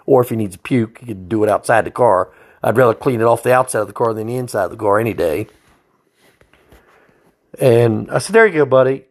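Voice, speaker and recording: A man's voice: fairly low pitch, fairly quick, pauses often. A man, a state trooper telling a story in a blunt, profane, folksy way. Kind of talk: casual storytelling.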